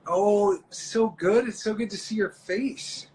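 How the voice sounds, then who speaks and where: A man's voice: sits high, steady tone, slow pace, darkish tone, slight background noise. A man chatting as a guest on a phone livestream from indoors, goofy and playful. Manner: goofy, playful, self-described a bit nuts. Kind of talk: casual chat.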